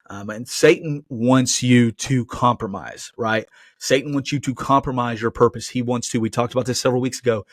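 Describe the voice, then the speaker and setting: A man's voice: medium pitch, dry recording. Male podcast host giving an earnest, chatty sermon; mid-range voice, dry close sound. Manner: earnest and conversational, often asking "right?". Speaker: podcast host and Christian teacher. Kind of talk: casual preaching monologue.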